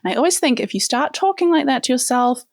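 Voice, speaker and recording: Playful, chatty female host with a New Zealand accent, voice a bit high, dry recording. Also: lively intonation, fast talker, no echo. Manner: chatty, playful, many "like" fillers. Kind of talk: casual chat.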